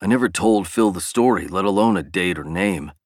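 A man narrating a novel in a steady, even storytelling read. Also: low-pitched, brisk, no echo, clean studio sound. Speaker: audiobook narrator. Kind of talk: scripted narration.

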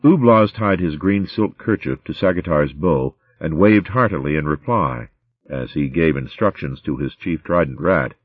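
A man reading a story aloud in a steady, measured audiobook narration. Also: a bass voice, breathy edge, no room sound, phone-quality sound.

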